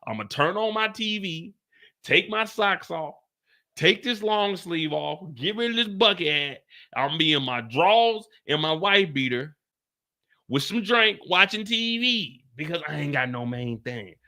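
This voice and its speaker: A man's voice: a little high, measured pace. A man, giving a casual, slangy livestream recap of a TV episode. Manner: animated, slangy, acts out characters. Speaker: TV recap host. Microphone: streaming mic.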